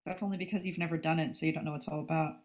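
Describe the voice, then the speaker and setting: A woman co-hosting a podcast, making quick jokes and bossy asides. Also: sits low, steady tone, a little mellow. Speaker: podcast co-host. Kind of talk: casual interview chat.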